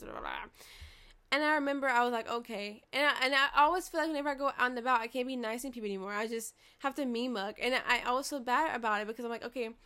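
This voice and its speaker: A young woman vlogging, telling a story fast and profanely, acting out quoted dialogue, into a desk microphone. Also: fairly high pitch, fairly bright tone, clear, resonant tone. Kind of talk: casual storytelling monologue.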